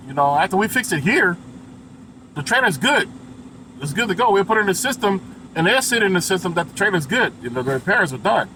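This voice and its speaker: A truck driver chats to his viewers in a high, bright voice and tells a story at a lively clip. He slips into raised voices for the other people in it and swears freely. Faint traffic sounds outside. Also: a little fast, low-quality recording. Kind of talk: casual storytelling vlog.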